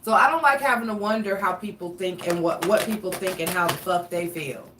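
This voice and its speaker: A woman's voice: fairly low pitch, a little fast. A blunt, chatty woman talks her way through a tarot and astrology reading, wandering into opinionated asides and casual swearing. She sits a little back from the microphone in a roomy, echoing space with a faint ambient hum underneath. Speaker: tarot reader. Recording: roomy, somewhat distant mic with faint ambience.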